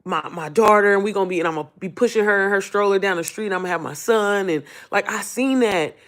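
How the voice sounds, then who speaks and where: Hoarse woman rambling heartfeltly to viewers. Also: mid-range voice, brisk, fairly bright tone. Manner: rambling, heartfelt, addresses viewers as y'all and sis; emotional, close to tears. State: hoarse, losing her voice. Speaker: online business coach. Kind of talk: casual live-stream Q&A.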